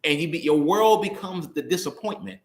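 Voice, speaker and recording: A young man giving a conversational sermon, playful and animated, laughing often and acting out quick voices. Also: fairly high pitch. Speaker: preacher. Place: church hall. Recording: roomy echo.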